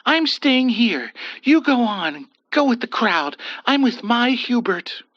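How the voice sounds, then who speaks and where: A man voicing an elderly wife who is weepy, passionate and defiant, with high wailing pleas. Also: very animated, unhurried, dry recording, full character voice. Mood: stern. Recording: dull dry lo-fi voice.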